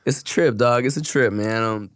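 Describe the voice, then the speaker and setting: A man's voice: mid-range voice, moderate pace, clean tone, no room sound, studio quality. Laid-back slangy man on a podcast. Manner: laid-back and slangy, calls his friend bro and dude. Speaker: podcast co-host. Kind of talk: casual podcast chat.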